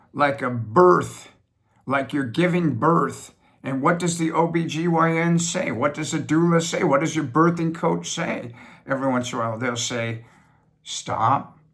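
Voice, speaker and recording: A middle-aged man speaks from his home office in a slightly high voice. He rambles and repeats himself, leans hard on his points, then drags certain phrases out slowly. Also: fairly bright tone. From United States. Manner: rambling, repetitive, emphatic with sudden slowdowns. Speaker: business funding host. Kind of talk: reflective monologue.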